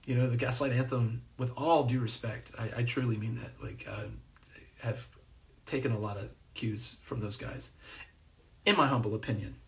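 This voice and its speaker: A man hosts a live stream and reads out comments as he goes, in an easygoing, meandering way full of "um" and false starts. His voice sits at an ordinary middle pitch. He is a little way off from the mic, so the sound sits back in the room. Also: steady tone, normal speed, vocal fry, a bit bright, distant mic. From New Jersey. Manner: rambling, laid-back, many fillers and restarts. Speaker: host. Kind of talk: casual livestream chat reading comments. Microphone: phone or webcam on a live stream.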